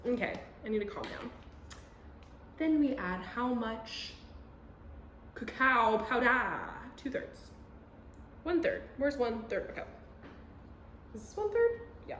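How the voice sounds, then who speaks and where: A young woman talks her way through baking in a home kitchen, excitable and laughing at her own mess. Her voice sits a little high and swings lively up and down. The kitchen gives it a noticeable echo. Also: measured pace, pauses often, background noise. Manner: chatty, excitable, self-mocking. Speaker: vlogger. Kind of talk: casual cooking vlog.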